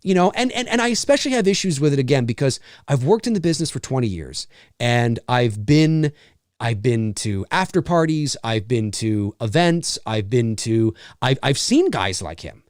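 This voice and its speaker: A man's voice: mid-range voice, moderate pace, no room sound, clean studio sound. A man hosting a podcast, ranting in a casual chat with lots of restarts. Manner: animated, ranting, many restarts. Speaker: podcast host.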